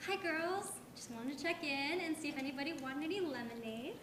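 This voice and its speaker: A woman's voice: high-pitched, a little fast, fairly bright tone. A woman reading a doting suburban mom. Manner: sweet, doting. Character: sweet overbearing suburban mom Dorothy. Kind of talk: staged play reading. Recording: live reading in an echoey hall, clear noise.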